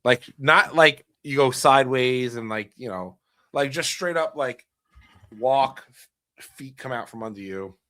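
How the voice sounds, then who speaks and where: A man's voice: mid-range voice, measured pace, pushed and bright, no echo. A middle-aged man hosting a podcast, telling a family story in a wry, casual way with dry humor. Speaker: podcast host.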